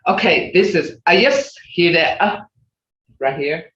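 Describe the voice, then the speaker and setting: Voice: mid-range voice, expressive, measured pace, a bit bright. A language teacher leading an online class, patiently repeating example phrases over and over. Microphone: video call. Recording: echoey, dull video-call audio.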